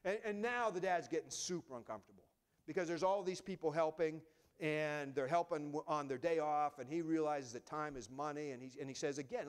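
A pastor telling a story from the pulpit, his voice sitting a little high for a man. He talks conversationally, stumbling and restarting, and sinks to a hush when the story turns tender. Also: brisk, smooth. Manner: conversational, many restarts, drops to a hushed voice for emotional moments. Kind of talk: sermon storytelling.

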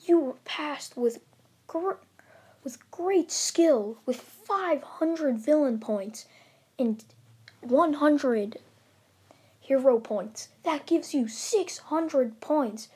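A woman voicing a jovial adult male hero mentor who announces results slowly. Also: sits high, expressive, a little mellow, full character voice. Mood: proud.

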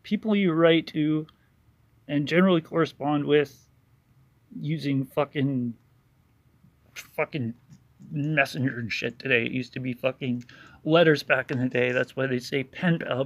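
A man's voice: medium pitch, fairly even intonation, unhurried, long pauses, no echo. A man giving an angry, sarcastic voice-over commentary with heavy swearing, ranting about an online rival. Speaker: YouTuber narrating over a video.

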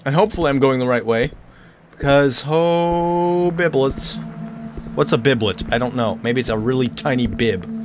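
A man's voice: medium pitch, moderate pace, background noise. A man giving jokey let's-play commentary, talking back to the game and stuttering when startled. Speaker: gaming channel host.

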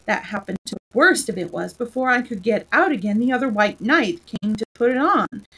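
A woman voicing a rambling, eccentric old male knight inventor who explains his ideas slowly and earnestly. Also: fairly high pitch, animated, a bit bright, slightly rough, full character voice, rough recording. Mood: proud.

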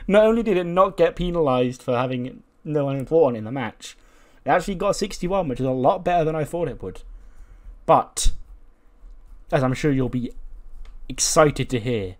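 A man's voice: mid-range voice, animated, normal speed, pauses often. A man casually narrating a wrestling management game, chatty and loose, with frequent fillers and laughs. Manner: chatty, laughing, many "like" and "you know" fillers. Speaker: game commentator. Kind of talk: casual let's play narration.

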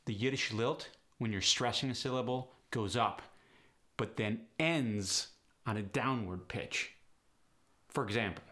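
Brisk man explaining accent sounds. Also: medium pitch, bright, forceful tone. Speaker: accent coach. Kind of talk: instructional explanation.

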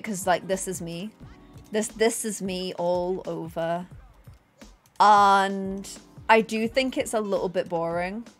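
A young woman streaming a game, chatting casually and thanking viewers, self-deprecating and bursting into excited squeals. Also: medium pitch. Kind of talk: casual livestream chat.

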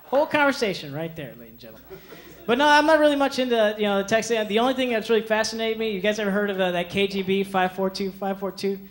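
A young man doing a stand-up comedy set on a club stage, animated, slipping into quick voices for the people he quotes, with audience laughter behind him. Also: sits high. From Mexican heritage. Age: young adult. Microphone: handheld stage mic.

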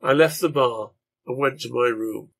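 A man narrating a translated serial novel in a measured storytelling reading. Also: medium pitch, gravelly, a bit bright.

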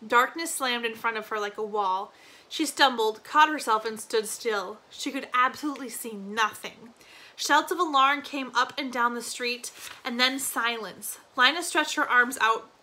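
A woman teacher reading a novel chapter aloud expressively, slowing on key phrases with a few small slips. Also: on the high side, bright, forceful tone.

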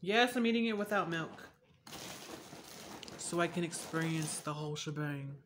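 A young woman vlogging a casual taste test, candid and chatty, swearing freely and drifting between soft asides and loud laughing outbursts. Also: low voice, expressive, moderate pace, a little hiss or hum.

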